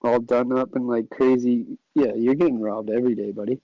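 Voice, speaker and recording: A man's voice: medium pitch, steady tone, no echo, highs cut off. A man as a podcast guest, chatting loosely, laughing often and swearing freely. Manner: loose and laughing, swears a lot, halting restarts. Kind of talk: casual chat.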